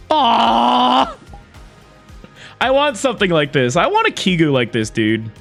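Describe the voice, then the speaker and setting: A livestreamer chatting casually to viewers, excitable and quick to laugh, swearing casually. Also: medium pitch, gravelly, soft background music.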